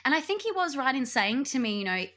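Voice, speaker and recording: Chatty woman, animated storyteller. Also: high voice, fast. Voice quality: animated, laughs often, acts out quoted voices. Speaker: podcast co-host. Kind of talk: casual chat, storytelling.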